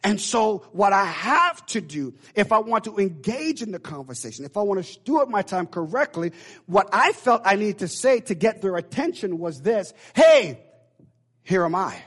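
A man's voice: high voice, animated, normal speed, fairly bright tone. Preacher man telling a rambling story. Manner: rambling storytelling with many restarts. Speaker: pastor. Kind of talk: sermon.

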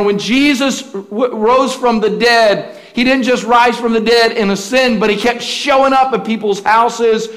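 High-voiced pastor preaching a folksy sermon. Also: male voice, fairly bright tone. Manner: folksy, storytelling, with frequent restarts.

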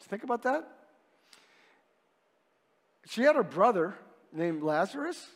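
A man's voice: sits high, big pitch swings, takes it slowly, big-room sound. A male pastor preaching a sermon in a conversational way, posing rhetorical questions and swinging widely in emphasis.

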